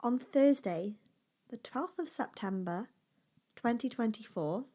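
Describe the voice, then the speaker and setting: A woman's voice: a little high, lively intonation, slow. A young adult woman hosting her own podcast from home, talking openly and emotionally with restarts, her voice dropping at times to a near whisper. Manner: open, emotional, fillers and restarts, shifts between bright and near-whispered. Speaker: podcast host and small business owner. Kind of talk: casual personal podcast talk.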